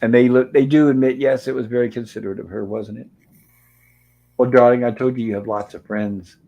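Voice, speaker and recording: A man's voice: medium pitch, fairly even intonation, a little fast, dull audio. A man hosting a show, casually retelling old TV episodes scene by scene, reading the characters' lines aloud and adding dry asides. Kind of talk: casual recap and commentary.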